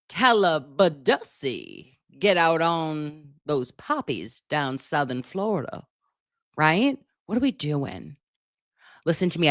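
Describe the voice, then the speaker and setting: A woman hosting a casual live stream, reading chat comments aloud in an animated, chatty way and swearing freely. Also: low voice, no echo, clean studio sound.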